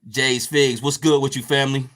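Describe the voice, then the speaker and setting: A man's voice: mid-range voice, fairly even intonation, moderate pace, fairly bright tone. A man hosting a casual podcast, chatting loosely and swearing a lot while he paints a figure and reads chat comments. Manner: profane, laid-back, reading chat comments. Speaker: podcast host.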